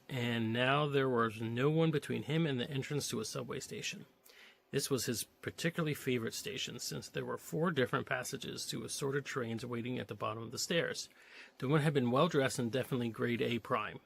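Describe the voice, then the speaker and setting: A man's voice: medium pitch, gravelly, fairly bright tone. A man reading a novelization aloud, stopping now and then to joke and comment on the story. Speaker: reader of a novelization.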